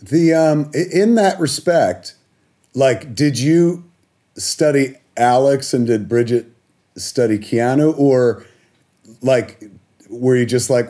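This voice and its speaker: A man's voice: mid-range voice, measured pace, warm tone. A man hosting an interview, asking playful, rambling questions. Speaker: interview host. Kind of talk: casual interview chat.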